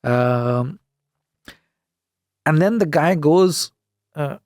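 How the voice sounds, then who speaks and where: A middle-aged man from the UK, talking as a guest on an interview podcast. His voice sits slightly high and has a gravelly edge, and the room sound is dry and close. He tells stories with animated, indignant emphasis and acts out each side of the dialogue. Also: normal speed, no room sound. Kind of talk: casual storytelling interview.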